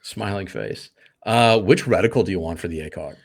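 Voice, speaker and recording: A man's voice: sits low, moderate pace, vocal fry. A man co-hosting a live podcast in an easygoing, casual way, often laughing. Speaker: podcast co-host.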